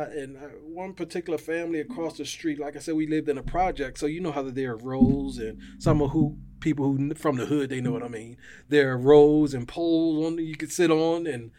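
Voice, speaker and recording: A middle-aged man with a somewhat high-pitched voice tells his life story as a guest on a podcast. He speaks earnestly and with feeling, and he grows louder and more forceful when he talks about his anger. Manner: earnest, emotional and heartfelt. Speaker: guest sharing a testimony. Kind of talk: personal testimony storytelling.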